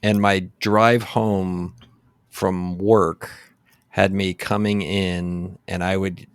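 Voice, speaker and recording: A man's voice: low-pitched, little pitch movement, very slow, clear, resonant tone, no echo, clean studio sound. A man in his forties from San Antonio, hosting a podcast in casual, rambling conversation full of fillers and restarts. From San Antonio, Texas. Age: 40s. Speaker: podcast host.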